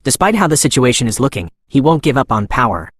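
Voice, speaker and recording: A man narrating a wary, measured male sword master from a recap story. He speaks with guarded caution in a dry, close recording. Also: medium pitch, very animated, dry recording.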